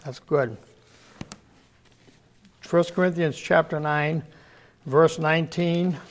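An older man preaching a sermon with a failing, hoarse voice. He clears his throat often and swings between loud emphatic outbursts and low murmurs. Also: steady tone, takes it slowly. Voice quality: gravelly, husky.

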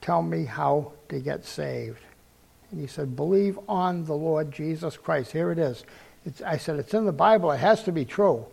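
A man's voice: fairly high pitch, expressive, moderate pace, vocal fry, a little mellow, slightly rough. An older man giving a sermon testimony, telling his story earnestly and acting out the dialogue he quotes.

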